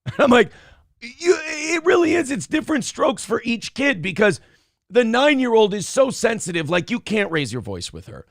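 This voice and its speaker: A man's voice: very high-pitched, normal speed, gravelly, no room sound, clean studio sound. A man co-hosting a casual morning show, telling stories with crude, swearing banter. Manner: animated, crude, lots of swearing. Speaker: podcast co-host.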